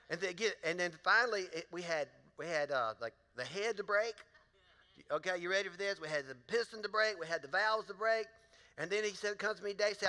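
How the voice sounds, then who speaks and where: A man preaches in a high voice with a sharp tone, moving fairly quickly. As pastor, he shares folksy stories and talks directly to the congregation with questions. The recording echoes with long reverb from the large church auditorium.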